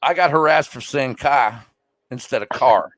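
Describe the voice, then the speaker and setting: A man's voice: medium pitch, expressive, brisk, a bit bright, no echo. A man from Pennsylvania in a casual live chat, bantering bluntly and swearing.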